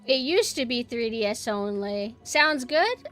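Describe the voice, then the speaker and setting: A woman streaming a game and chatting casually with her viewers, swinging between quiet murmurs and loud exclamations. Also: a little high, expressive, unhurried, faint music behind. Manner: chatty, talks to chat directly. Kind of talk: casual gameplay livestream chat.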